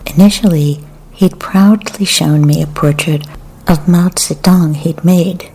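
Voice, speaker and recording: A woman reading poetry and memoir aloud in a soft, often half-whispered, measured way. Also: deep voice, slightly rough. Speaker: literary reader.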